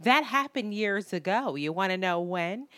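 A woman's voice: medium pitch, moderate pace, no room sound. A woman co-hosting a podcast in casual chat, talking bluntly with plenty of profanity and acting out what other people said. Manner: blunt, profane, animated storytelling with quoted voices. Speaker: podcast co-host.

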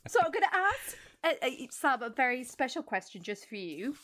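A woman co-hosting a podcast, steering the chat and reading quotes aloud. Her voice sits a little high and moves a lot in pitch. She sounds casual, with easy laughs between lines. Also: very animated, normal speed, a bit bright. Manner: leads segments, reads quotes, laughs. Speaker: podcast co-host.

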